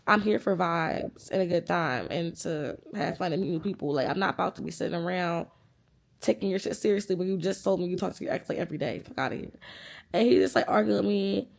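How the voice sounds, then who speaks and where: This twentysomething vlogger recounts an argument in a casual storytime, cursing and animated as she acts out the quoted exchanges. Her lowish, creaky voice moves fairly quickly.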